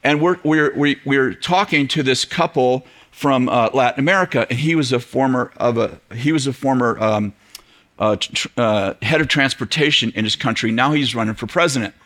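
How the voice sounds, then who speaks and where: A middle-aged man preaching to a church audience, telling a story in an animated way, acting out quoted voices and laughing often. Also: medium pitch, moderate pace. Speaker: pastor. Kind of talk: storytelling sermon.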